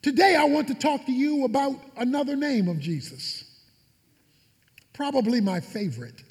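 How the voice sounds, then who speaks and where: A man's voice: extremely high pitch, big-room sound. A man preaching a sermon as pastor, with emphatic repetition and fervent delivery.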